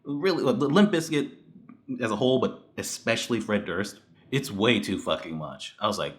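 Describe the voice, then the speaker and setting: A man with a fairly low voice delivers a casual movie review. He is blunt and swears freely, ranting in exasperation and breaking into laughs. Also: animated, moderate pace.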